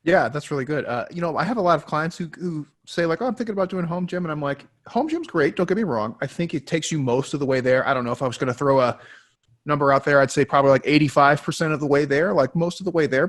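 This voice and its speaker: A man's voice: a little high, quick pace. A man co-hosting a casual talk webinar and coaching clients, easygoing and a bit hesitant, often trailing off. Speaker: co-host and coach. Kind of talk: casual chat.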